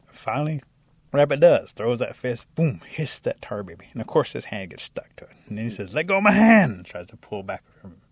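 Gravelly male storyteller. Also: medium pitch, a little fast, no echo. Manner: lively, animated narration. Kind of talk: oral storytelling.

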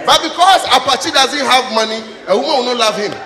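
A man doing live stand-up comedy on stage, loud and playful as he tells stories. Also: extremely high pitch, brisk. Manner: loud, animated, playful storytelling. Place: stage in a hall with audience. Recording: echoey hall with loud crowd noise.

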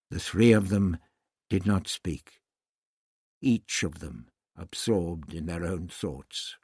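A male narrator reads a novel in a measured, unhurried way. His voice sits low and has a husky edge, and the recording is dry and close. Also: darkish tone, dry recording. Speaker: audiobook narrator. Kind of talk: scripted narration.

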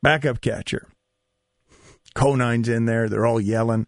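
A man hosting sports talk radio, an animated storyteller who acts out quoted lines. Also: mid-range voice, moderate pace, pauses often, no echo, clean studio sound.

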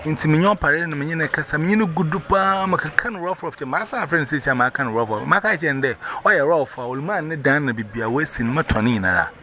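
A man's voice: fairly high pitch, expressive, a little fast, hardly any pauses, bright, forceful tone. Rambling man, noisy recording.

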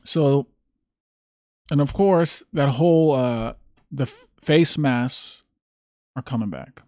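In slow, darkish-toned speech from a mid-range voice, a streamer host mocks a clip he's just played, his rant full of sarcasm. It's casual solo stream commentary with clean studio sound and no echo.

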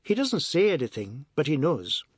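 Male narrator doing a gentle, soothing woman; lifted voice, calm. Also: fairly high pitch, normal speed, dry recording, clean studio sound. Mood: reassuring. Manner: gentle, reassuring. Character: soothing apologetic woman, middle-aged.

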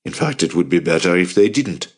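A man's voice: sits low, animated, a little fast, breathy edge. A man voicing a grim, determined older uncle who speaks with firm urgency in an audiobook. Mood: grimly urgent.

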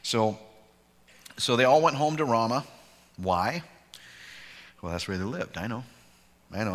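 A man's voice: lowish voice, measured pace, long pauses, a bit bright, in a large hall. A man pastor teaching a conversational bible study with informal, digressive talk and self-deprecating humor.

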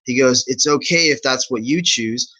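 A man's voice: mid-range voice, moderate pace, sharp tone, rough recording. A man on a podcast talking casually, animatedly retelling an online argument and quoting both sides. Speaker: podcast guest. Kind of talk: casual conversation.

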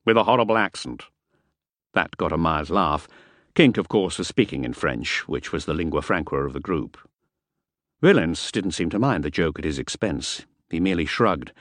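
A man narrating a first-person audiobook in a measured, understated way. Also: extremely low pitch, lively intonation, dry recording, studio quality.

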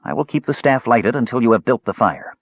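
A frail, sickly young mage speaks in cool, clipped, sardonic orders, as a man puts him on. His voice is husky and swings from low to higher notes, heard through a dull, lo-fi recording. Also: expressive, fairly quick, no echo. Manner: cold, clipped commands.

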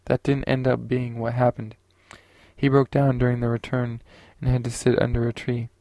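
A man narrating a science fiction audiobook in a steady, unhurried way. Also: mid-range voice, no room sound.

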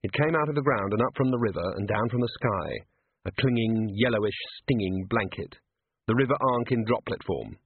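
A man narrating an audiobook in a measured, dry storytelling manner. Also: fairly low pitch, slightly rough, no room sound. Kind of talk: scripted narration. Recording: tinny phone-like audio.

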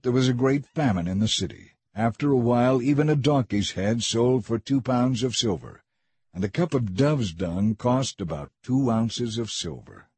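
A man reading a scripture story aloud in a measured, even narrating manner. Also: mid-range voice, husky, no echo. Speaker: audiobook reader.

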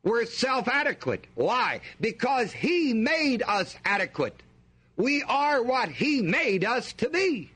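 Male preacher, sermon delivery, slow and emphatic, asks the congregation to fill in the words. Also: very high voice, very animated, fairly bright tone, slightly rough. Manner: emphatic, call-and-response questions to the congregation.

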